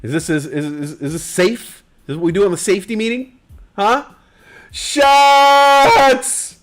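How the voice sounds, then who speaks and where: Loose, lively stream host. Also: male voice, a little high, quick pace, a little hiss or hum. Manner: loose, profane, rambling banter. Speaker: livestream host. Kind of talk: casual livestream chat.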